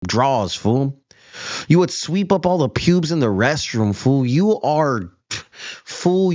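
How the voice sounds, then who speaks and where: A man's voice: a little high, darkish tone, no room sound, muffled recording. Man on an angry, taunting rant. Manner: confrontational, taunting, keeps saying "fool". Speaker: show host.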